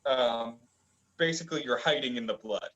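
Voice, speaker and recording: A young man co-hosting a casual review chat, rambling and halting with lots of fillers. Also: mid-range voice, fairly bright tone, highs cut off. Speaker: manga review co-host.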